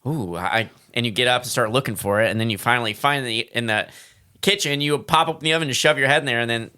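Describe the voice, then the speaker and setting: A man co-hosting a casual podcast, chiming in with quick agreeing asides. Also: medium pitch, bright, forceful tone, smooth. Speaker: podcast co-host. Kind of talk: casual chat.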